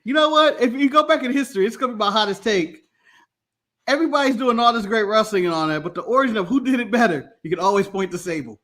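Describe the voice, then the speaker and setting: This is an animated man co-hosting a laid-back podcast chat. His voice sits high and sounds bright and forceful, and his pitch swings a lot. He jokes constantly and laughs easily. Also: fast talker. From United States. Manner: animated, joking, laughs often. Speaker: podcast co-host. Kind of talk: casual watch-along chat.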